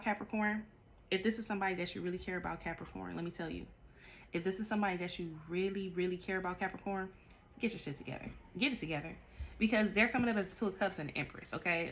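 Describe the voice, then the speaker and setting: A woman doing a tarot card reading, talking straight to the listener in a direct, animated way and scolding them at times. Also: medium pitch, quick pace, slight background noise. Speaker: tarot reader.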